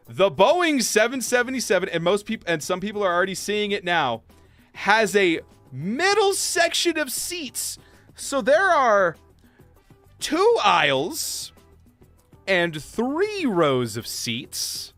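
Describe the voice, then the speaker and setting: A young man livestreaming, casually telling a story while gaming, acting out quotes in high voices. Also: huge pitch swings, slow pace, a bit bright, no room sound. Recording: faint game music behind.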